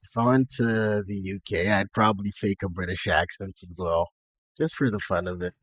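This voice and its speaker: A young Nigerian man chats casually on a live stream in a put-on generic American-Canadian accent, laughing at his own remarks. He has a low voice with a breathy edge and fairly even intonation at normal speed. There's no echo.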